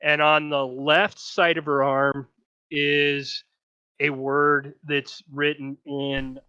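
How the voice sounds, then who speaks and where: A man running a tabletop game, with a bright, forceful and fairly high voice. He narrates loosely and chattily, often restarting his sentences. The sound is dry and a little dull, like a modest home mic. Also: flat delivery, takes it slowly, clean tone, dry recording. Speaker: game master.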